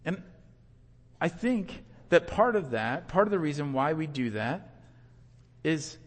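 A man's voice: fairly high pitch, very animated, unhurried, long reverb tail. A man preaching a sermon in a conversational way, acting out the voices of the people he quotes. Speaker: pastor.

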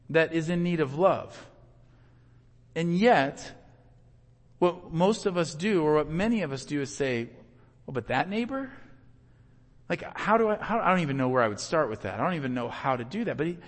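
A man's voice: fairly high pitch, in a large hall. A man preaching a sermon in a conversational way, acting out the voices of the people he quotes. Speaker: pastor.

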